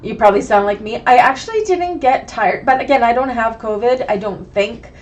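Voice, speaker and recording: A woman with a cold, raspy and sniffly, chatting through a live online bag-making class and greeting viewers by name. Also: a little high, brisk, muffled recording. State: sick with a cold, hoarse and sniffly. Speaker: bag-making sewing instructor.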